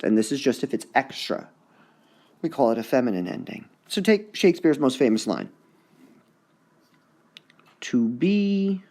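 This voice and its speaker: A male high school English teacher giving a recorded lesson on poetic meter, repeating words to sound out their stresses. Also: a little mellow. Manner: sounds out syllables to mark the stresses.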